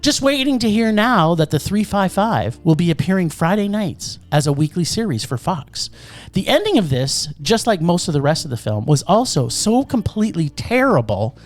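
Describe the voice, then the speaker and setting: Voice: medium pitch, moderate pace, faint music behind. A podcast co-host giving a sarcastic, ranting movie review in casual chat. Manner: animated, sarcastic ranting critique.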